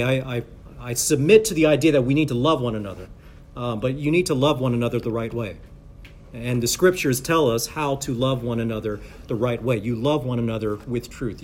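A man preaching a sermon in a conversational, halting way with many fillers and restarts, building to emphatic preaching. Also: medium pitch, a little mellow, slight background noise. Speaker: pastor or Bible teacher.

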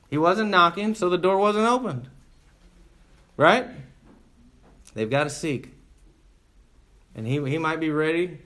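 Man, pastor, conversational sermon, slightly high voice, folksy, emphatic, rhetorical questions. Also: fairly bright tone.

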